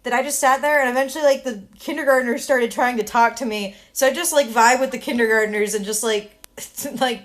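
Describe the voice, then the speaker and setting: Relaxed slangy young woman. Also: on the high side, brisk. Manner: relaxed, slangy, talks in fragments. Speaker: co-streamer. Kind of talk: casual chat on a stream.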